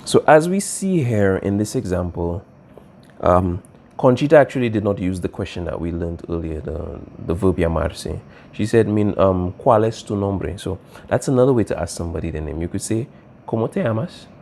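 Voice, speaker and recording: Guy teacher w a warm mellow voice, patient, keeps asking "all right?". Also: sits low, lively intonation, normal speed, gravelly, slight background noise. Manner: patient, repeats key points, asks "all right?" often. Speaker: Spanish teacher. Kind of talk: classroom explanation.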